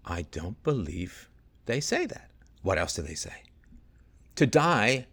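Sarcastic, lively male livestream host. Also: mid-range voice, measured pace, breathy edge. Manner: sarcastic, exasperated, rhetorical questions. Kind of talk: solo livestream commentary, reading news aloud.

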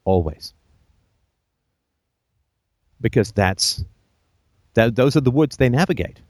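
A man's voice: mid-range voice, expressive, takes it slowly, a little mellow, no room sound, studio quality. A man hosting a call-in show, giving blunt, emphatic advice full of profanity and jokey asides.

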